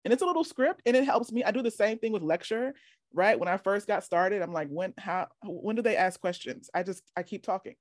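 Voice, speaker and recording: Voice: medium pitch, animated, fairly quick, no room sound, clean studio sound. A workshop leader teaching casually over a video call, chatty and encouraging, often asking "right?".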